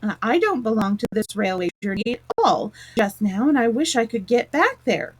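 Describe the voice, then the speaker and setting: A polite, anxious young girl speaks quickly and a little fretfully, read by a woman. The voice stays close to the reader's own, only slightly raised. It is a storybook reading. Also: on the high side, sing-song, husky.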